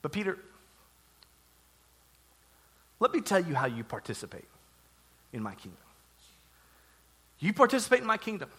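A man preacher voicing Jesus as a calm, gentle teacher who speaks slowly and softly. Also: high-pitched.

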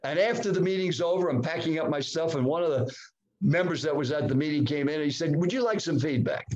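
A man in his seventies, a guest in a podcast interview, telling a personal story with dramatic swings in pitch. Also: quick pace, a little mellow, highs cut off. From United States. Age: 70s. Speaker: guest speaker.

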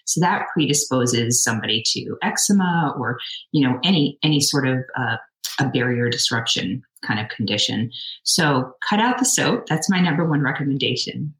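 A woman's voice: very deep voice, lively intonation, moderate pace, fairly bright tone, echoey room, rough recording. A woman dermatologist giving practical skin-care advice in an interview. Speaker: dermatologist guest. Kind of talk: expert interview answers.

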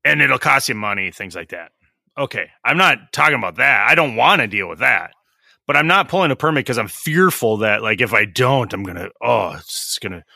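A man's voice: medium pitch, animated, brisk, vocal fry, bright, forceful tone, dry recording, studio quality. A middle-aged man on a podcast, a licensed tradesman who rants bluntly, swears freely and acts out the exchanges he describes. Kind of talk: casual podcast chat.

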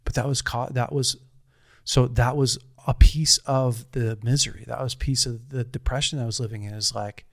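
A man's voice: medium pitch, steady tone, normal speed, no echo, studio quality. A man in his thirties telling a personal story in casual conversation, earnest and rambling, with frequent restarts.

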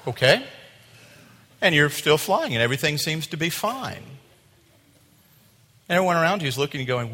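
A male pastor preaching a sermon, animated, acting out voices and dropping to a quiet tone at times. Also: on the high side, brisk, pauses often. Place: church sanctuary. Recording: long hall reverb.

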